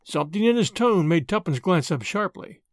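Expressive male audiobook narrator. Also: high voice, moderate pace, no room sound, clean studio sound. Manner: expressive storytelling.

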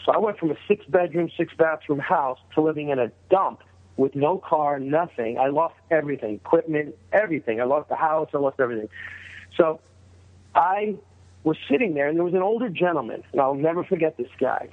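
Middle-aged man from New York, over a tinny line. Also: a little fast. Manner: animated, acts out quoted voices in a higher pitch. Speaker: guest. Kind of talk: casual storytelling.

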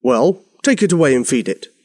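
A grumpy storybook king who splutters out royal orders, put on by a male narrator. His voice is pitched up and bounces around a lot. The recording is close and dry. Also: sing-song, normal speed, darkish tone, husky, dry recording. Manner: huffy, commanding, spluttering.

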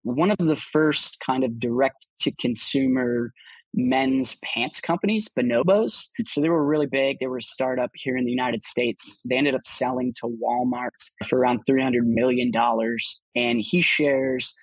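Man, founder in a podcast interview, upbeat casual answers, husky voice, dry close sound. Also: medium pitch, normal speed, no room sound, rough recording. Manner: upbeat, many restarts and "kind of" fillers. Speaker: startup founder guest.

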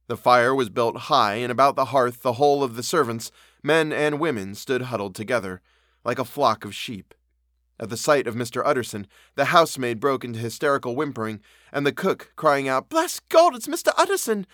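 A man reading a classic story aloud as narrator, in steady, measured storytelling. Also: medium pitch, no echo, clean studio sound.

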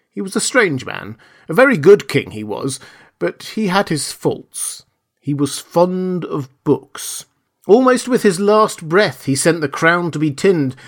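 A cautious, overly polite prime minister from a storybook, as a man reading aloud puts him on. He hesitates and picks his words with care. His manner stays deferential throughout. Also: fairly high pitch. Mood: reminiscing.

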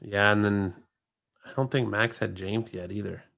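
A man's voice: lowish voice, steady tone, normal speed, creaky, a bit bright. American man with dry teasing humor. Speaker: podcast co-host. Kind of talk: casual chat.

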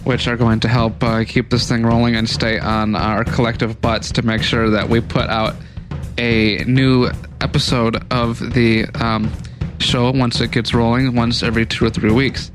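A man's voice: medium pitch, flat delivery, normal speed, music in the background. A man co-hosting a podcast, casually and cheerfully announcing plans for the show. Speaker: podcast co-host. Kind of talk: casual chat.

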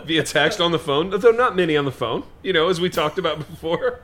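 A man's voice: brisk, a little hiss or hum. A man co-hosting a comedic talk show, speaking with theatrical, mock-grave indignation. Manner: theatrical, mock-grave, animated pitch swings. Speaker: podcast co-host.

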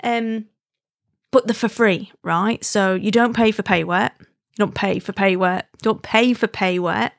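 Unhurried and fairly even in intonation, her mid-range voice has a creaky quality, recorded at studio quality with no room sound. She's an adult married woman from Wigan with a Wigan accent, telling a casual story in an emphatic, chatty way and often asking "right?"

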